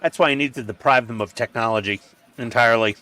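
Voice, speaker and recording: Male stream regular, crisp bright voice, talks casually, acts out quotes in his stories. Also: fast talker, no room sound. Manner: animated storyteller who acts out quotes with sudden pitch jumps. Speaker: model-building stream regular. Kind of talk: casual group chat while building.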